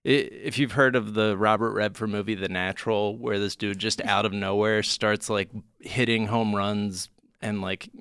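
A man's voice: on the low side, fairly even intonation, moderate pace, fairly bright tone, clear, resonant tone, no room sound. A man hosting a comedy podcast, explaining things in a jokey, rambling way with plenty of "uh"s. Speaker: podcast host. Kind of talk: casual comedic chat.

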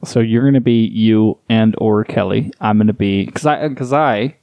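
A man's voice: fairly low pitch, moderate pace, gravelly, dark tone, no echo. A man co-hosting a podcast in casual chat, making sarcastic, wry jokes. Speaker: podcast co-host.

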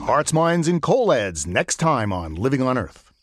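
A man's voice: mid-range voice, very animated, measured pace, music in the background. A man hosting a public radio show, interviewing a guest and reading the show's closing segment. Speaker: radio host.

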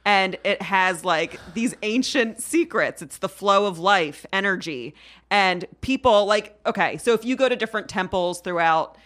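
A woman's voice: mid-range voice, expressive, moderate pace, a bit bright. A woman talking as a podcast guest in a casual, playful way, sometimes slipping into a mock-formal voice.

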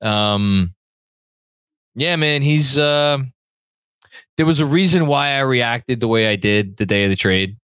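A man hosting a casual sports podcast, excitable and rambling as he reads viewer comments. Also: medium pitch, slow pace, long pauses, clear, resonant tone, no room sound. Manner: excitable, rambling, many fillers and restarts. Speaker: podcast host.

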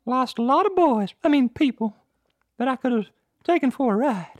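A man's voice: very high-pitched, expressive, moderate pace, no room sound. A man putting on the voice of a sassy, flirtatious cab driver who teases his late passenger. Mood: teasing.

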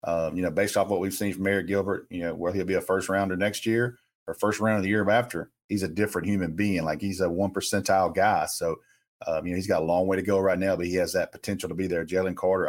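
A man with a very low voice co-hosts a casual sports talk show. He speaks emphatically and conversationally, with frequent fillers, and mixes his analysis with personal stories. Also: steady tone, fast.

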